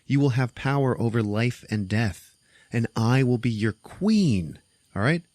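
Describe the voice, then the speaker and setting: A man voicing a cold, seductive ancient female mummy in a slow, low, offhand way while retelling a film. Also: lively intonation, darkish tone, no echo, close to an everyday voice. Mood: coolly menacing.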